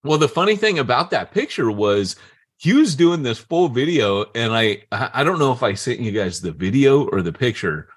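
A man's voice: medium pitch, sing-song, normal speed, slightly rough, no room sound, clean studio sound. A man co-hosting a podcast in casual, joking chat, laughing often. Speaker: podcast co-host.

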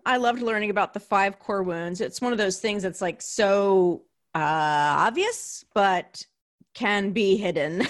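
A woman hosting a podcast, chatting enthusiastically with many fillers and restarts. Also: medium pitch. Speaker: podcast host. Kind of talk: casual podcast chat.

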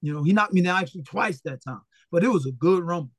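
A man with a notably high speaking voice, recorded close and dry with no room sound. He tells his stories as an interview guest in a blunt, animated way, full of profanity, and slips into the voices of the people he quotes. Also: quick pace, no echo. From Philadelphia, USA. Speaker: retired boxer, interview guest. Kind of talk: casual storytelling interview.

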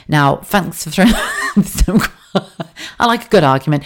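A woman with a notably low voice hosts a solo podcast. She talks candidly and swears a lot. Her talk rambles and doubles back as she searches for words. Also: brisk. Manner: frank and sweary, with frequent laughs and asides; rambling, self-correcting delivery. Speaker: podcast host.

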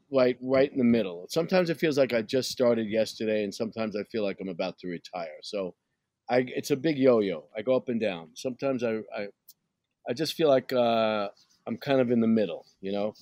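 Guest: middle-aged man from Brooklyn, mid voice, wry, relaxed, dry close sound. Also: medium pitch, a little fast, no echo. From Brooklyn, New York. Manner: relaxed, wry, self-deprecating. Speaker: guest actor. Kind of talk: casual interview chat.

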